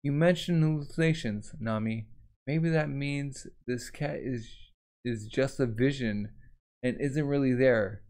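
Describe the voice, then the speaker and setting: A man's voice: mid-range voice, measured pace, darkish tone, natural voice. A man voicing a nervous, cowardly young male sidekick, reading comic dialogue aloud in a jittery, complaining way. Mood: wary.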